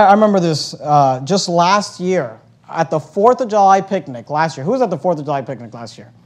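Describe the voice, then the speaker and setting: High-voiced pastor, animated preaching. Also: male voice. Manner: animated storytelling, acting out quoted voices, swings between loud and hushed. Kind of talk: sermon.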